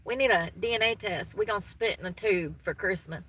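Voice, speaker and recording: Here a woman from the Southern United States, in her thirties, talks with viewers in a relaxed, folksy way and laughs readily. She speaks a little fast at medium pitch, with a fairly bright, husky tone, on a rough recording.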